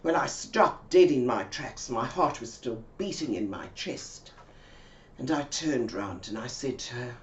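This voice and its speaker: A woman telling an anecdote slowly and quietly, with dramatic pauses. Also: rumbling low, expressive, muffled recording, a little hiss or hum. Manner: slow and hushed, with dramatic pauses. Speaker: storyteller. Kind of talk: told anecdote.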